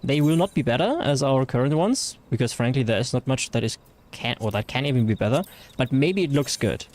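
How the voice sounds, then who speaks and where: A man's voice: mid-range voice, expressive, brisk, darkish tone. A man with a German accent chatting casually through a game livestream, rambling with fillers and reading chat messages aloud. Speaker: streamer.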